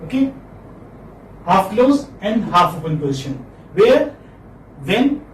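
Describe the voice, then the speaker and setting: High-voiced man teaching in an echoey room. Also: big pitch swings, takes it slowly, a little hiss or hum. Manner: encouraging, repeats key terms. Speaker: phonetics teacher. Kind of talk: classroom lecture. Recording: echoey room, far from mic.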